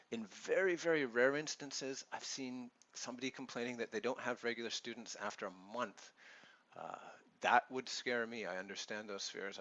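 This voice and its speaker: A man's voice: fairly low pitch, bright, forceful tone, highs cut off. A man with a Canadian accent who teaches English online, giving earnest, reassuring advice to new teachers in a vlog. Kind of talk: advice vlog talking to camera.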